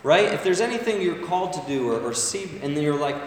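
Preacher, male, slightly high voice, chatty sermon full of "right?", long echo. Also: expressive, fast, few pauses. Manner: conversational, asks the crowd "right?" often. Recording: echoey hall, voice from far off. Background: congregation calling back.

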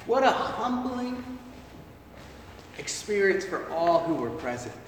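Animated high-voiced preacher in an echoey hall. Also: male voice, takes it slowly, slight background noise. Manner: animated, acts out the story's voices. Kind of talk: sermon retelling a Bible story. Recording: echoey hall, recorded from far off.

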